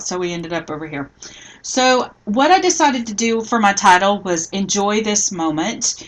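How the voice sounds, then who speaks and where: A middle-aged woman hosting a live scrapbooking tutorial, chatting casually and thinking aloud as she works, often trailing off softly. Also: medium pitch, lively intonation, moderate pace, low-quality recording.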